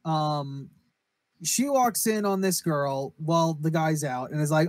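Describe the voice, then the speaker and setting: At a measured pace and with no echo, a man with a somewhat high voice co-hosts a casual podcast. He recaps a horror anime in a rambling, profane way, acting out the quoted lines.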